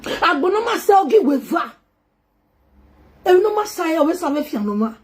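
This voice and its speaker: A woman's voice: very high-pitched, sing-song, fairly quick. A woman making an impassioned, pleading spoken appeal, switching between English, Pidgin and a local language. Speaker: entertainer appealing to two public figures.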